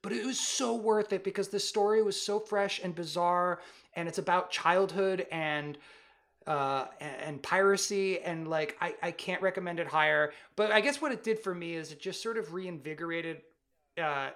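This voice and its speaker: A podcast co-host talking in a loose, excited ramble, full of "like"s and self-corrections. The pitch sits in the middle range. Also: normal speed. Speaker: parent. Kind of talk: casual chat.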